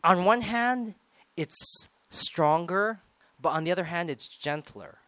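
A man's voice: sits high, lively intonation, slow pace, sharp tone, dry recording. Conversational male preacher, dry sound. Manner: conversational, acts out quoted lines with rising emphasis. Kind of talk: sermon.

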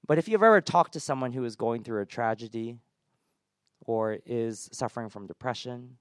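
A man preaching in a relaxed, chatty way, cracking dry self-deprecating jokes between points. His voice sits at a middle pitch and is recorded close and dry, with no room sound around it. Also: moderate pace, no room sound. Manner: informal, self-deprecating humor, many fillers. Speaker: pastor. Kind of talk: conversational sermon.

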